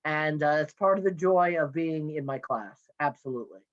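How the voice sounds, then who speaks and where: Man, 30s, playful chatty guest, video call from home office, dull lo-fi sound. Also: fairly high pitch. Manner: chatty, playful, quick with jokes. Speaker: guest, NCSY education director. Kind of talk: casual interview chat.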